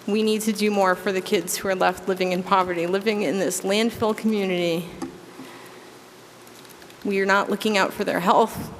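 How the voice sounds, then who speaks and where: A woman's voice: medium pitch, fairly even intonation, normal speed. A woman in her thirties delivers an earnest, impassioned statement at a public meeting. Her voice sits in a mid range and carries through a long-reverberating hall. A faint hum of room noise sits underneath. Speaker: school committee member.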